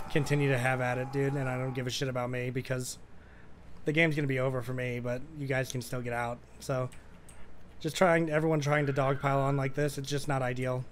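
A man's voice: mid-range voice, a little hiss or hum. Profane young man streaming a game. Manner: casual and profane, frequent "dude"; talks to viewers while playing. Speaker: gaming streamer. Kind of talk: live gameplay commentary.

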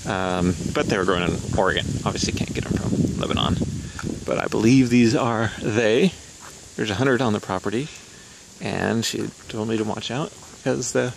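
Man, young adult, casual travel vlog, gravelly voice, chatty, laughs a lot, noisy outdoor recording. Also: mid-range voice. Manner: chatty, laughs often, thinks aloud while walking and driving. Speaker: photographer vlogger. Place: outdoors and in a car around a city.

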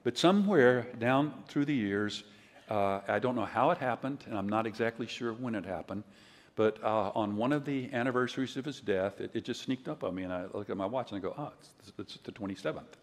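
A man's voice: mid-range voice, fairly quick. Older male preacher, conversational storytelling, big hall reverb. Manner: conversational storytelling, loud acted quotes. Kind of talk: conference sermon.

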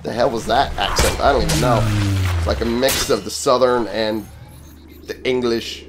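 A gaming channel host with a medium-pitched voice talks at normal speed while playing a video game. His commentary is casual, profane, and sarcastic, and he exclaims at enemies as he fights, with game music behind his voice.

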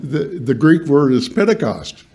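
A man preaching a sermon in a church, halting and restarting often, reading scripture aloud and quizzing the congregation. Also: a little high, big pitch swings, creaky, warm tone. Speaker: pastor. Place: church hall.

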